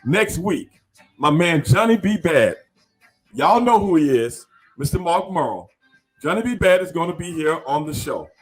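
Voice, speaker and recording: A man's voice: a little high, animated, moderate pace, husky, soft background music. A man hosting a podcast in casual interview chat, talking in an emphatic, repetitive, slangy way. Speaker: podcast host.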